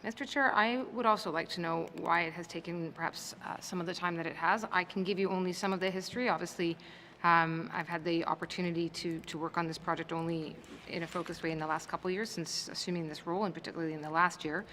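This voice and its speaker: A woman's voice: lowish voice, fairly even intonation, fast talker, pushed and bright. A woman speaking as a government minister, answering questions formally and hesitating as she searches for details. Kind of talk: committee testimony. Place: legislative chamber. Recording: long reverb of a chamber, faint noise.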